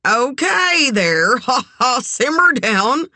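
A woman voicing a crude, drunk man in his forties who talks loudly and leeringly. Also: mid-range voice, lively intonation, slow pace, no echo, voice pushed up. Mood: nervous.

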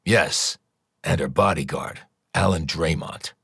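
A man voicing a steady, matter-of-fact FBI investigator in an audiobook, measured and flat. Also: extremely low pitch, gravelly, slightly rough, no room sound, clean studio sound, full character voice. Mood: grave. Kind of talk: audiobook character voice.

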